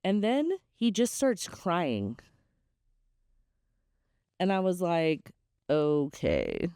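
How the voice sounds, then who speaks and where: Young woman host, frank storyteller, smooth and clear, dry booth sound. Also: lowish voice, big pitch swings, extremely slow, warm tone, dry recording. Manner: candid and chatty, many "like"s. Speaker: podcast host. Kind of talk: casual storytelling.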